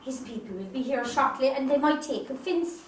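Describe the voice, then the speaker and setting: A woman's voice: high voice, moderate pace, natural voice. A woman playing a firm, spirited countrywoman in an amateur stage play, heard from far off on an echoey stage. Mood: gentle. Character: proud, firm young Irish countrywoman. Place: theatre stage. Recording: echoey stage recorded from far off with faint hiss.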